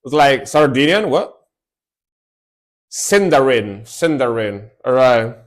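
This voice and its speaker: Slow, easygoing male music streamer. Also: mid-range voice, big pitch swings. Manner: laid-back, repeats words for emphasis. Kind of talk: casual live-stream music commentary.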